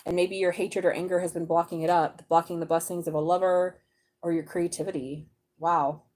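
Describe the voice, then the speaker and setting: A woman giving a live tarot reading, reading card texts aloud and breaking into excited exclamations and laughter. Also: fairly low pitch, brisk. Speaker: tarot reader.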